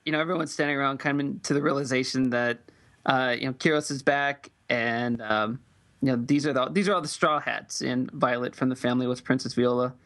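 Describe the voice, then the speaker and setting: A man's voice: mid-range voice, brisk. A man recapping comics in easy, loose casual chat, full of fillers. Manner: relaxed, loose, many fillers. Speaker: podcast co-host.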